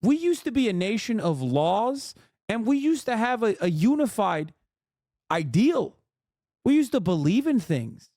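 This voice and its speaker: A man's voice: high voice, very animated, a little slow, mellow, no echo, studio quality. A man streaming as he reacts to a video, ranting in a heated, sarcastic and profane way. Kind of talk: casual reaction commentary.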